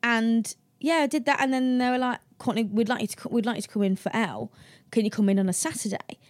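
A young woman, a guest on an interview show, telling anecdotes in a lively, chatty way and acting out the people she quotes with a raised voice and frequent laughs. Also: a little high, quick pace. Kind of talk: casual interview chat.

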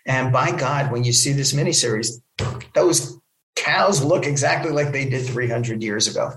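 Man, interview guest, animated storyteller, acts out quotes, echoey room. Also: mid-range voice, normal speed. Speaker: guest, film producer.

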